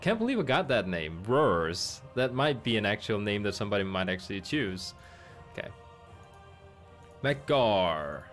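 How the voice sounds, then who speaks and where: A man's voice: fairly low pitch, very animated, fairly quick, fairly bright tone, faint music behind. A man streaming a game, chatting casually and thinking aloud with amused asides. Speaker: gaming streamer.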